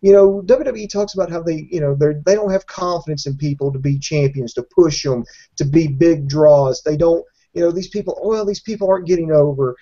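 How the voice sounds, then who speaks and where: Podcast co-host, man, sarcastic and profane, slightly high, mellow tone, lo-fi audio. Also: a little fast. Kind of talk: casual wrestling podcast chat.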